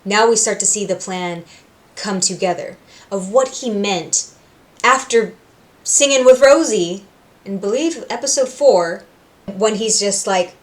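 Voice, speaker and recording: A woman from Puerto Rico hosting a reaction video, recapping scenes with animated storytelling and acting out the characters' lines. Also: mid-range voice, unhurried. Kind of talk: casual recap and commentary.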